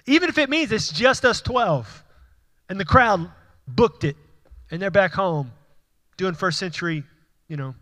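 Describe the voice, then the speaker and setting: A man preaching a sermon, building to emphatic peaks and then dropping low, with conversational asides. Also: fairly bright tone, big-room sound. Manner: conversational, with asides and light laughs. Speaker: pastor.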